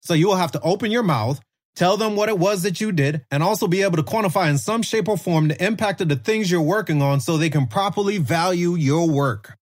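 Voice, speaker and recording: A man hosting a podcast, speaking in a measured, deliberate way. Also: high voice. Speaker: podcast host. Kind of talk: prepared interview speech.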